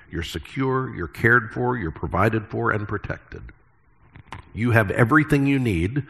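A middle-aged man preaching a sermon as pastor, earnest and emphatic with deliberate pauses. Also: lowish voice, fairly bright tone, husky.

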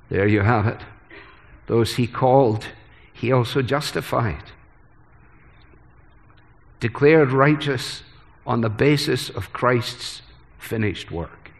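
Male preacher, gravelly voice, earnest sermon delivery, long church reverb. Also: medium pitch. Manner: earnest, varied dynamics from hushed to emphatic.

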